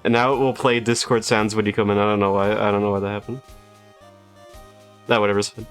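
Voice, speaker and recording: A man's voice: on the low side, little pitch movement, fast talker, a bit bright, faint music behind. A man streaming a video game, chatting casually and laughing often between lines. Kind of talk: casual live-stream gameplay chat.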